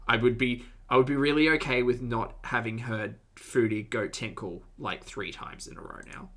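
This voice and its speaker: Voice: mid-range voice, steady tone, normal speed, a bit bright. A reaction channel host giving wry, sarcastic commentary over video clips, with exasperated outbursts.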